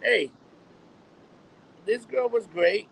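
A man's voice: sits high, very slow, vocal fry, a bit bright, slight background noise, low-quality recording. A man in profane casual chat, giving blunt opinions and chiming in.

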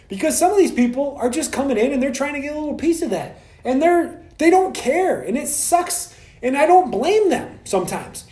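Male podcaster, high mellow voice, heated profane rant, echoey room. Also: sing-song. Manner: heated, profane, mimics other practitioners in quick asides. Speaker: clinician ranting on a podcast.

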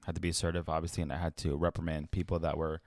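Brief: young male co-host, very deep, quick and slangy, dry close mic. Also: level tone, a little mellow, no echo. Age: young adult. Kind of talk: casual chat.

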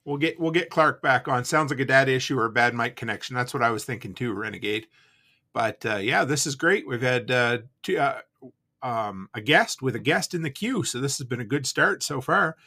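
A man hosting a live call-in podcast, chatting casually and relaxed, with the odd curse word. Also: mid-range voice, moderate pace. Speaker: podcast host taking live calls.

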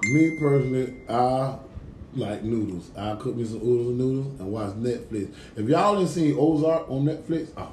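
A man, co-hosting a casual podcast, talking animatedly and cursing, shouting as he tells stories. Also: medium pitch, animated, normal speed, a little hiss or hum. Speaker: podcast co-host. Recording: echoey room.

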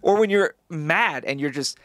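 A man with a slightly raised voice chats on a podcast, animated and quick to blurt out references and the odd swear word. His voice is close and dry on a studio podcast mic, with no room sound around it. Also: fairly high pitch, dry recording. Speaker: podcast co-host and actor. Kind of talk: casual podcast chat. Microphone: studio podcast microphone.

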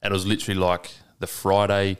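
Brief: Australian podcast host, young adult, low voice, easygoing and swears a lot. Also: male voice, completely flat delivery, quick pace, smooth. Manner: laid-back, swears often. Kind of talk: casual chat.

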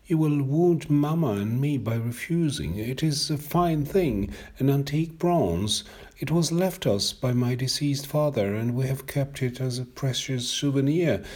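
A man's voice: mid-range voice, unhurried, darkish tone, voice pushed up, natural voice. A man reading a story aloud, voicing an agitated young man who pleads with earnest, repetitive gushing. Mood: agitated pleading. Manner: agitated, pleading, repeats himself.

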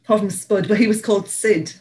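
A woman's voice: mid-range voice, fast talker, mellow, low-quality recording. Chatty woman. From Northeast England. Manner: chatty, laughs often, rambling with fillers. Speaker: podcast co-host. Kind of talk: casual chat.

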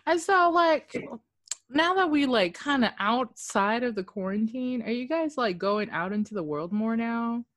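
A woman's voice: on the high side, lively intonation, measured pace, fairly bright tone, no room sound, clean studio sound. A woman in her thirties hosting a casual chat, telling stories with laughs and swearing.

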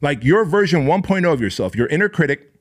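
A man's voice: on the high side, big pitch swings, quick pace. A man hosting a podcast, delivering an intense, profane, emphatic motivational monologue. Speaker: podcast host.

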